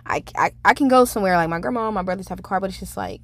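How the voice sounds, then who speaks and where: A woman's voice: medium pitch, very fast. Casual young woman podcast host. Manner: rambling and candid, many fillers, frank swearing. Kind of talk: casual solo podcast monologue.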